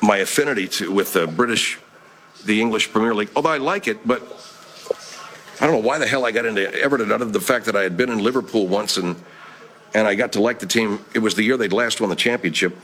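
A man's voice: lowish voice, fast talker, a bit bright. A middle-aged man, a voice actor, hosting a casual live-stream chat, reading comments in a profane, rambling, laid-back way.

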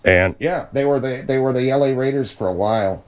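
A man's voice: medium pitch, a little fast, muffled recording. A man hosting a talk radio show, needling and flustered as he bickers with a caller. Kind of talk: comic talk radio banter.

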